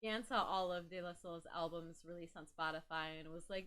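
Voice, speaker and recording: A woman's voice: fairly low pitch, normal speed, fairly bright tone. A woman joining a gaming stream, teasing her co-host in casual banter. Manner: teasing, playful.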